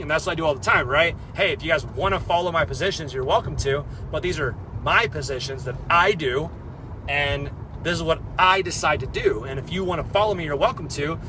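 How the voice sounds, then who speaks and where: A man's voice: on the high side, background noise. A young man vlogging casually about crypto trading, blunt and profane, rambling with lots of fillers. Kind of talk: casual talk to camera.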